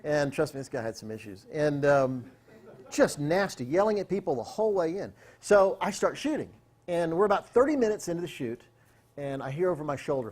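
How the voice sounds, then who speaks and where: A man giving a talk, telling a story in an animated way and acting out the people in it. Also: a little high, fairly quick. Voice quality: animated, acts out quotes. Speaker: speaker.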